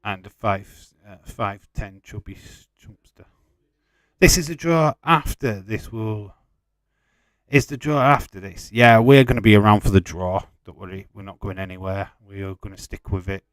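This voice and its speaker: Man, live watch-along host, teasing and chatty, smooth clear voice, dry close sound. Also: lowish voice, normal speed, no room sound. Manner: chatty, teasing, swears freely. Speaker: watch-along host reading viewer chat. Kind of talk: casual live commentary and chat.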